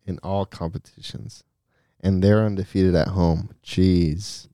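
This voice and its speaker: A man's voice: deep voice, fairly even intonation, slow, dark tone, no room sound, studio quality. A man co-hosting a soccer podcast, laid-back and casual, saying "bro" a lot and mixing in Spanish. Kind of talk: casual sports chat.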